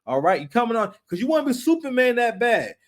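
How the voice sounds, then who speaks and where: A man giving casual, animated commentary on a reality show, full of slang, repeated words and acted-out quotes. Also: extremely high pitch, quick pace.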